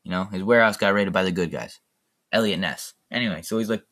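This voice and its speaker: A man's voice: deep voice, fast, a bit bright. A young man hosting a solo podcast, chatting enthusiastically and rambling with lots of fillers. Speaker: podcast host. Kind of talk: casual solo podcast chat.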